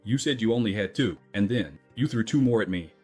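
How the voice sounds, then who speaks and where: A man's voice: on the low side, lively intonation, a little fast, breathy edge, soft background music. Man doing a cocky taunting knight. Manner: drawling, mocking taunts. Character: cocky young male knight, shameless and taunting.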